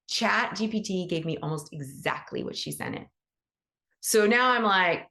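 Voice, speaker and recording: Chatty woman with a creaky voice. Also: fairly low pitch, normal speed. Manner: chatty and animated, acts out quoted dialogue; motivational, affirming. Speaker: animal Reiki teacher hosting a support call. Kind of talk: casual encouraging talk on a group call.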